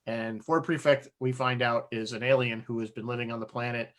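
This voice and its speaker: Man, podcast co-host, loose rambling storyteller, quick to laugh. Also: mid-range voice, steady tone. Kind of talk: casual chat.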